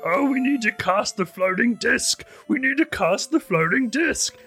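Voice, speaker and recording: Dude doing a dopey half-orc wizard mumbling to himself, squeaky and anxious. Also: male voice, lively intonation, a little slow, sharp tone, slightly rough, heavily acted. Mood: fretful. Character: dim, fretful half-orc wizard man. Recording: music playing underneath.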